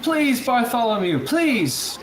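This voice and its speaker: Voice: medium pitch, big pitch swings, takes it slowly, echoey room, noisy background, voice pushed up. A player voicing a young male animal adventurer who pleads desperately with someone he has lost. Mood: desperate pleading. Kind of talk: tabletop role-play character voice.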